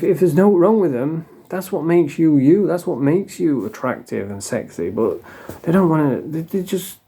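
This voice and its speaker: A man's voice: a little high, warm tone, husky. Blunt sweary Yorkshire man ranting. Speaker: vlogger. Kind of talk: ranting monologue vlog.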